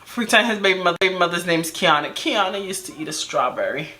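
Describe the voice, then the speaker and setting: A woman's voice: fairly low pitch, expressive, fast talker, bright, forceful tone. A woman vlogger telling a personal story in casual, slangy chat, full of asides and rhetorical questions.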